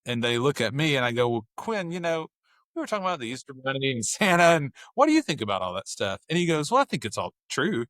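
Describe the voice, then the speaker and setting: A man, a father, talking as a podcast guest, telling family stories with lively, acted-out bits of dialogue. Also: medium pitch, fast talker, no room sound, clean studio sound. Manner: animated storyteller, acts out family dialogue. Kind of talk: casual chat.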